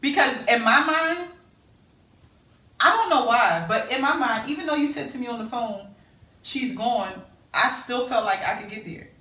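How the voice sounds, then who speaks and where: A woman with a bright, pitched-up voice tells a painful personal story in an intense, emotional way. She acts out her own words and other people's. The room is echoey and she sits some way back from the mic. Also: expressive, moderate pace, distant mic. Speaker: sister sharing a story.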